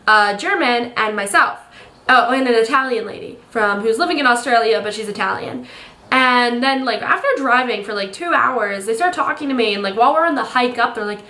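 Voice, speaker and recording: A woman's voice: fairly high pitch, sharp tone. A young woman narrating her travel vlog in a casual, rambling way, acting out what people said. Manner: chatty, rambling storytelling with quoted voices. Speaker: travel vlogger.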